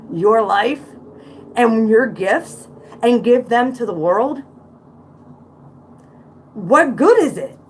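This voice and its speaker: With a voice on the high side and a little hiss or hum in the audio, a woman in her forties hosts a casual livestream. She has a Central Pennsylvania accent and reacts to music in a blunt, outspoken manner, throwing in preachy asides.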